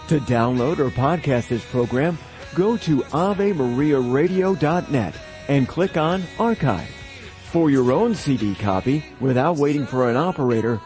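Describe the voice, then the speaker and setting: A man reading a scripted radio program outro in a smooth, even way. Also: fairly high pitch. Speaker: radio announcer. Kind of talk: scripted announcement.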